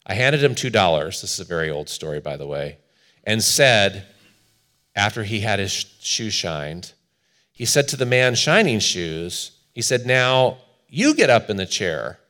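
A man's voice: lowish voice, expressive, normal speed, pushed and bright. A man preaching a sermon as pastor, telling a story in an earnest manner with quoted voices.

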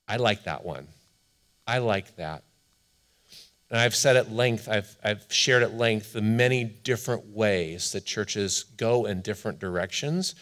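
A male pastor delivers a sermon in a fairly low voice. He speaks earnestly and emphatically, slowing down to let important lines land. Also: fairly bright tone. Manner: earnest, emphatic, slows down to stress key lines.

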